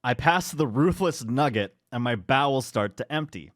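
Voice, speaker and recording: A man's voice: medium pitch, expressive, moderate pace, fairly bright tone, no echo, clean studio sound. A man co-hosting a podcast, reading stories aloud and rambling into laughing asides. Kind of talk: casual chat, reading posts aloud.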